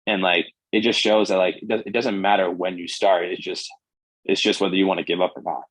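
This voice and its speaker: A young man in his twenties, a guest pitcher, telling stories casually and animatedly with lots of "like". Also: a little fast, dry recording, rough recording. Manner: animated, fills speech with "like". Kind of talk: casual storytelling.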